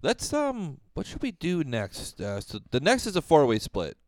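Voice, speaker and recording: A man co-hosting a casual music podcast, talking in a rambling, profane way with lively jumps in pitch. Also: moderate pace, no echo, studio quality. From Rochester, New York. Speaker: podcast co-host. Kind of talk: casual chat.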